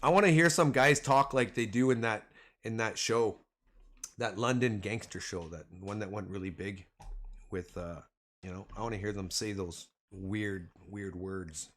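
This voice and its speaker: Unhurried and a bit low in pitch, this Canadian man livestreams his stock trading and chats about the market in a slangy, animated way. He talks to his audience as "man" and "the boys."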